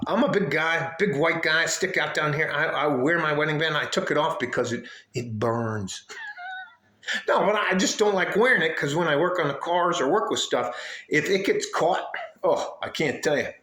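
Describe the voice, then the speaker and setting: A man's voice: a little high, sharp tone, reverberant. A man chatting in a rambling, casual vlog outdoors by his house, swearing and laughing as he talks. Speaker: vlogger. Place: outdoors at home, by his car.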